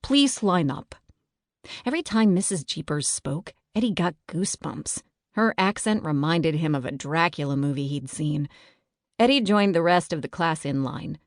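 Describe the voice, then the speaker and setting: A woman narrating a children's audiobook in a clear, expressive storytelling manner, on a close studio mic. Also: low-pitched, moderate pace, no echo.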